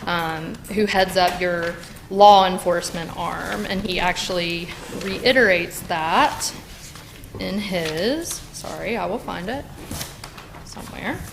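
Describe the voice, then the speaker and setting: A woman's voice: lowish voice, slow, gravelly, background noise. Impassioned woman speaking at a podium. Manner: heated, many fillers and restarts, addresses council directly. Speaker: public commenter at a city council meeting. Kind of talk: impassioned public comment. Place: council chamber.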